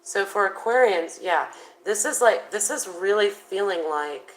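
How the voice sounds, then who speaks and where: A woman's voice: mid-range voice, lively intonation, unhurried, soft background music, rough recording. A woman doing a casual tarot reading, chatty and thinking aloud with plenty of fillers. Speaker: tarot reader.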